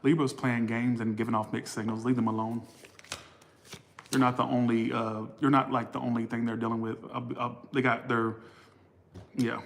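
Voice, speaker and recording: Man, casual tarot reading, blunt, profane, rambling, mid-pitched voice. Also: level tone, moderate pace, vocal fry, slight background noise. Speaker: tarot reader.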